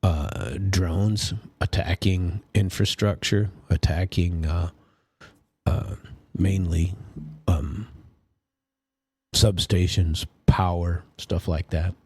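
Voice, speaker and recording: A man's voice: sits low, steady tone, takes it slowly, darkish tone, slightly rough, no echo. A man hosting a political commentary show, talking casually and rambling with many fillers and restarts. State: sleepy, yawning.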